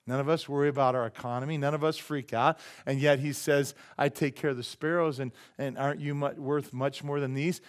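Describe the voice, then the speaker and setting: A pastor preaching in a church with a mid-pitched voice. He talks loosely and with humor. He slips into short acted voices for the people he describes. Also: brisk, hardly any pauses, smooth. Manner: animated, acts out voices and jokes with the congregation. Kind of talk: sermon.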